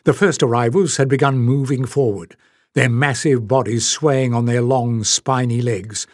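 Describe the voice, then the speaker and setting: A man reads a fantasy audiobook in a steady, measured style. His voice sits in a middle range and the recording is close and dry. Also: medium pitch, dry recording. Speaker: audiobook narrator. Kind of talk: scripted narration.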